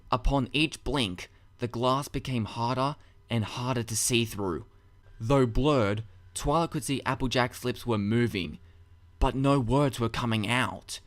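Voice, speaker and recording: A man narrating his own story in a dramatic audiobook reading, with measured, expressive storytelling. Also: mid-range voice. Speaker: narrator and author.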